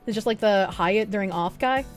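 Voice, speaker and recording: A woman streamer chatting casually to her viewers, rambling, swearing freely and reading chat aloud. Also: normal speed. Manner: squeals high when laughing. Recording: faint music behind.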